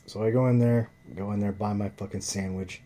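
A man's voice: on the low side, fairly even intonation, a little fast, mellow. A man telling a rambling, profanity-laden story in casual chat, heavy with fillers.

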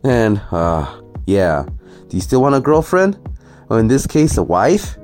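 A man's voice: on the low side, sing-song, unhurried, darkish tone, soft background music. A man ranting sarcastically and profanely through a reaction commentary video. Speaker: commentary vlogger.

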